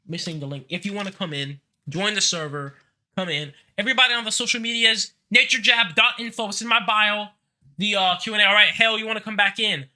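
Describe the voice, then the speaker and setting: A man's voice: high-pitched, fairly even intonation, fast talker, bright, forceful tone. A man hosting a live online Q&A in a brash, joking way, swearing casually as he talks. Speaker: host of a live Q&A.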